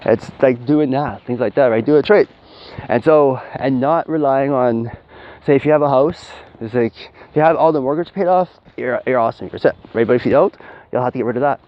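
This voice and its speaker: A man's voice: medium pitch, brisk. A man giving spiritual advice in a casual, rambling monologue, swearing and acting out quoted people. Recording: dull lo-fi audio with faint hiss.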